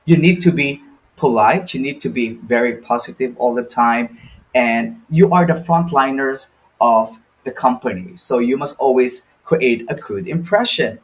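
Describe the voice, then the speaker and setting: A man's voice: mid-range voice, measured pace. A young adult man with a Filipino accent, teaching an online lesson in a loose, chatty way with many fillers and asides. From Philippines.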